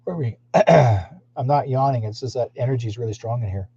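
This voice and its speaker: Warm and husky at medium pitch, this man hosts a psychic live stream, talking briskly. He meanders through his talk with frequent fillers and restarts, over dull lo-fi stream audio.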